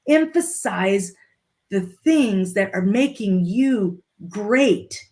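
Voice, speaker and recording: Woman guest, mid-pitched, punchy motivational storyteller. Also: lively intonation, very slow, a little mellow. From Litchfield, Illinois, US. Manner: emphatic, repeats key phrases. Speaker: podcast guest.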